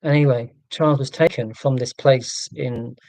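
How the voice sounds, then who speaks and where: A man's voice: medium pitch, fairly even intonation, a little slow, gravelly, darkish tone, no echo. A man from England hosting a live stream, chatting in a rambling, self-deprecating, joking way. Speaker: livestream host.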